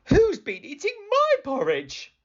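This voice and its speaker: A motherly, middle-sized mother bear who speaks in a high, even, questioning voice, played by a man reading a storybook. The sound is dull and lo-fi. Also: a little slow, heavily acted. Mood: indignant.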